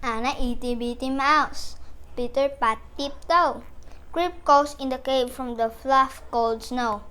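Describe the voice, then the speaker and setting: A woman reading a picture book aloud for children, halting with small stumbles. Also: high-pitched, fairly even intonation, bright, forceful tone, clean tone. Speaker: storyteller.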